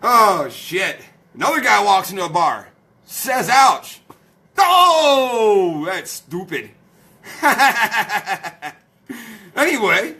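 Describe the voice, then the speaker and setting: Rowdy, profane man, high and lively. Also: a little slow. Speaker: live-stream host. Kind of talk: casual late-night live-stream chat.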